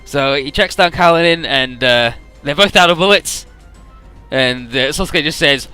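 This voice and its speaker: A man's voice: fairly high pitch, normal speed, pushed and bright, clean tone, faint music behind. A man casually retelling a game's story, quoting the characters in his own voice, laid-back and swearing freely. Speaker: let's player summarizing a game story.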